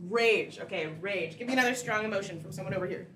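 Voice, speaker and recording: A woman's voice: medium pitch, rapid-fire. A woman hosting a live improv comedy show, upbeat and calling out to the audience from the stage. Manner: upbeat, shouting eliminations to the crowd. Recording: echoey stage from a distant mic with noise.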